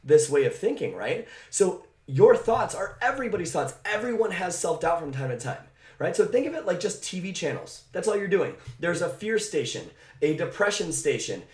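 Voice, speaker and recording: A mindset coach talks to camera in a motivational speech, energetic, emphatic, and direct, often tossing in "right?" to check in with the listener. He sounds out of breath, his voice is a little high for a man, and he speaks at normal speed, with the camera mic catching noticeable room echo.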